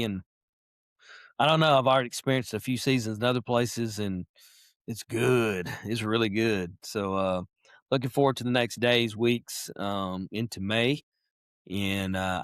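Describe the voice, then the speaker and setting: A man telling a hunting story as a podcast guest, animated and lively, acting out voices and clearing his throat often. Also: medium pitch, no echo, clean studio sound. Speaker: podcast guest, wildlife biologist. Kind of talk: casual storytelling.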